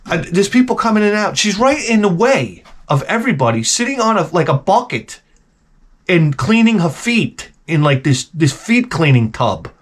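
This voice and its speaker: A middle-aged man telling comedic stories as the host, in an animated, profane, exaggerated ranting style. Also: high voice, moderate pace. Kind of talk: comedic storytelling rant.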